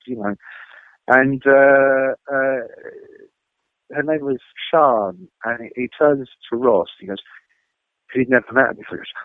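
A man, a rock journalist, telling animated anecdotes as an interview guest and acting out the people in his stories, heard over a phone line. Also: medium pitch, measured pace, pauses often, no room sound. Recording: dry, tinny phone line.

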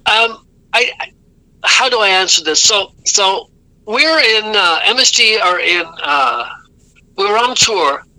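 A man's voice: sits high, animated, a little slow, pushed and bright, no room sound, low-quality recording. A man telling rambling, self-correcting stories as an interview guest. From Ireland. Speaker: guest musician. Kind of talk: casual storytelling interview.

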